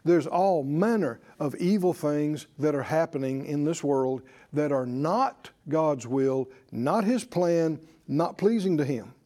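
High-voiced emphatic male preacher. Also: slow, few pauses, dark tone. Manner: emphatic, calls for congregation responses. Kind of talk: sermon. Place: church service with congregation.

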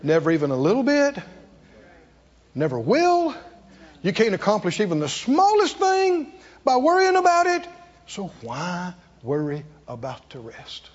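A preacher, a man with a high, lively voice that swings from hushed to loud. He talks in rhetorical questions, and his voice has a husky edge. The recording is dull and carries the long echo of a large hall. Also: unhurried. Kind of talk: sermon.

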